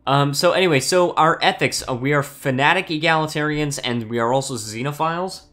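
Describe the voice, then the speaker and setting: A man's voice: a little high, brisk, fairly bright tone. A man streaming a strategy game, chatting casually, laughing often and reading chat aloud. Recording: faint background music.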